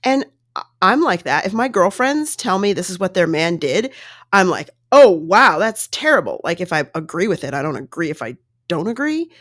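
A woman podcast host talking chattily and casually, her pitch leaping around as she acts out what others said. Her voice is close and dry, with no room sound. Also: big pitch swings, moderate pace, a bit bright, no room sound. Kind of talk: casual solo podcast recap.

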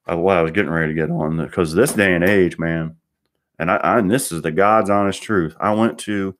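A man, a car mechanic, ranting bluntly in a rambling monologue and swearing constantly. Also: low-pitched.

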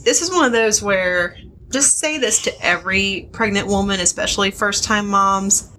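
A woman's voice: medium pitch, moderate pace, bright, forceful tone, slight background noise. A young adult woman co-hosting a casual podcast chat about motherhood, frank and chatty with frequent laughs. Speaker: podcast co-host.

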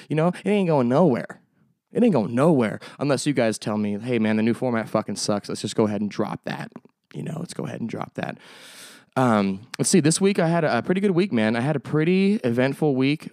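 A young man hosts his own podcast in loose, rambling chat, swearing freely and joking as he goes. His voice is smooth and resonant, and the sound is close and dry with no room echo. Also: medium pitch, a little mellow. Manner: rambling, profane, jokey. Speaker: podcast host. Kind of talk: casual solo podcast chat.

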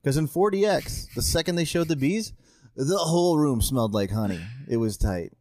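A man's voice: on the high side, animated, normal speed, darkish tone, a little hiss or hum. A man guesting on a podcast, chatting casually in a joking, rambling way and swearing now and then. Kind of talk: casual chat.

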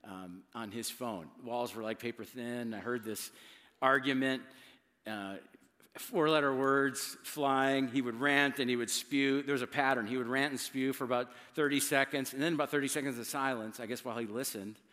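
A middle-aged man preaching a sermon as a pastor, conversational and emphatic, with dramatic pauses and repeated words. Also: medium pitch, steady tone, pushed and bright, long reverb tail.

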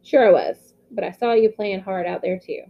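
A woman's voice: mid-range voice, normal speed, highs cut off, lightly acted. Woman doing a blunt tough teen captain. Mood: gruff. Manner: gruff and blunt, then dead serious.

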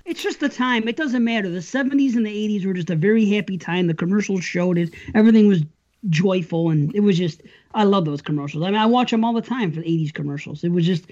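A man's voice: sits high, quick pace, a little mellow. A man in casual podcast chat, rambling and nostalgic, often restarting his sentences. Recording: dull lo-fi sound.

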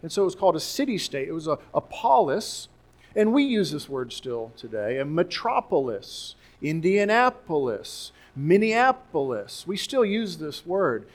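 A man's voice: a little high, big pitch swings, unhurried. A man with a somewhat raised voice preaches a teaching sermon. He walks his church through scripture, explains Greek word meanings and repeats key words for emphasis. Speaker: pastor.

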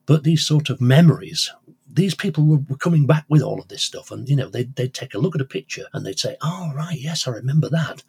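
A man's voice: mid-range voice, a little fast, creaky, darkish tone, husky. An older man, a radio presenter and collector, telling rambling anecdotes in an interview with many restarts. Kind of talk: conversational interview storytelling.

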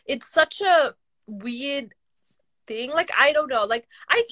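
Bright-voiced young woman chatting. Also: sits high, expressive, takes it slowly, no echo. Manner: chatty, heavy use of "like", trails off and restarts. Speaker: podcast co-host. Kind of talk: casual chat.

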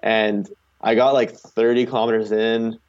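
Rambling young man, low muffled voice. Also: level tone, normal speed, darkish tone. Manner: rambling, heavy use of "like" fillers. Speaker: guest, long-distance charity cyclist. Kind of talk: casual storytelling interview. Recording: slightly muffled recording.

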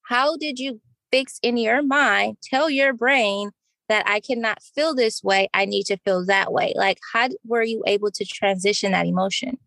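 A woman's voice: fairly high pitch, moderate pace, gravelly, a bit bright, no echo. A woman co-hosting a casual podcast, asking probing follow-up questions. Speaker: podcast co-host, interviewer.

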